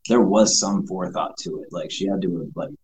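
A man's voice: deep voice, brisk, darkish tone, rough recording. A man chatting casually as a co-host, loose and slangy with lots of fillers. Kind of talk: casual chat.

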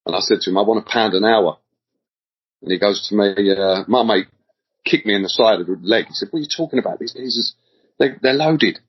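In dull, lo-fi audio, a middle-aged man from England spins rambling, slang-filled stories as a podcast guest, frequently repeating himself in a casual interview. He speaks a little fast, with a fairly low pitch and a breathy edge.

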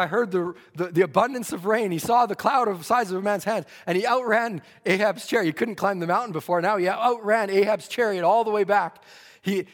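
High-voiced guy preaching hard in a church, lots of stammered restarts, big echoey hall. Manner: fervent, stammering restarts, acts out quoted voices. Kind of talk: revival sermon. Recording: long church reverb.

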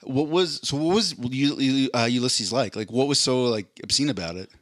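A man's voice: medium pitch, normal speed, dry recording. A man co-hosting a casual comedy podcast, asking questions and spinning jokey hypotheticals. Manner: quizzing and riffing with jokey hypotheticals. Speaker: podcast co-host. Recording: dry close-miked podcast audio.

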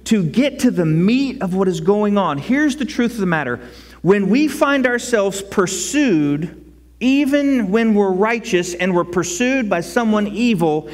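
A man preaching a sermon as pastor, conversational and animated, acting out prayers out loud. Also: high-pitched. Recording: long reverb of a large hall.

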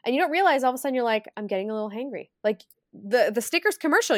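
A young woman talks fast and chatty, rattling through stories and slipping into quick acted-out voices. The recording is close and dry, with no room sound around her. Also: a little high, no echo. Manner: chatty, animated storytelling with acted quotes. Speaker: podcast co-host, wedding planner. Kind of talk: casual chat.

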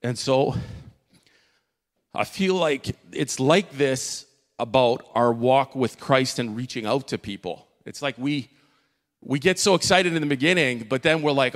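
A man giving an earnest church testimony from the stage, halting and full of fillers and restarts. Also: mid-range voice, animated. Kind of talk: emotional spoken testimony. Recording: long reverb of a large hall.

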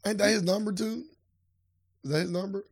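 A man's voice: sits high, steady tone, a little fast, gravelly, slightly rough, dry recording, studio quality. A man co-hosting a podcast in casual chat, teasing his partner and joking around. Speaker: podcast co-host.

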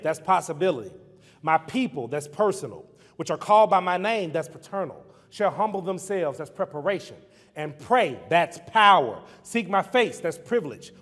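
A man with a high voice preaches a church sermon on fatherhood. He builds rhythmic rhyming lines and repeats refrains. His voice rings with a long reverb, as in a church hall.

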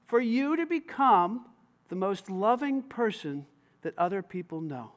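A man preaching a sermon to a congregation in a church, animated and conversational with casual slang. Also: high voice, normal speed. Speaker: pastor.

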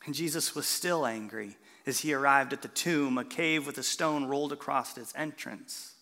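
A man preaching a sermon as a pastor, telling the story in an animated way that moves between hushed and loud. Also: mid-range voice, normal speed, in a large hall.

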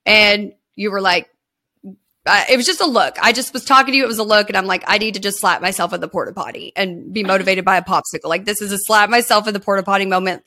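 A woman's voice: mid-range voice, steady tone, quick pace, bright, forceful tone. A woman hosting a podcast interview, chatty and upbeat, who swears casually. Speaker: podcast host.

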